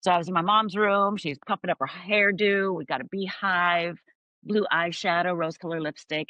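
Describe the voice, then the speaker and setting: A woman's voice: fairly low pitch, normal speed, pushed and bright, no room sound, highs cut off. A middle-aged woman from Upper Michigan telling her life story as a guest, acting out voices and moments vividly.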